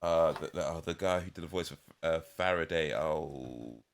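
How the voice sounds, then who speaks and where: Deep-voiced hesitant man hosting a podcast. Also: moderate pace, creaky. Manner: hesitant, many ums and restarts. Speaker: podcast host. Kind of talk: casual chat.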